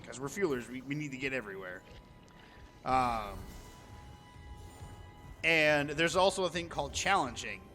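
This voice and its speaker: A man's voice: mid-range voice, expressive, normal speed, pauses often, sharp tone, faint music behind. A man streaming live, telling a story casually, chatty and swearing freely as he acts out what people said. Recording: long reverb, faint background noise.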